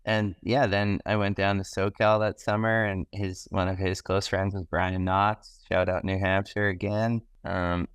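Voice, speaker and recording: A young man with a lowish voice tells stories on a podcast, excited and slangy, jumping into quoted lines. His voice sounds clean and smooth, recorded close and dry. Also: no room sound. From Canada. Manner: enthusiastic, animated, slangy, acts out quotes. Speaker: podcast guest, pro snowboarder. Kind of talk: casual podcast storytelling.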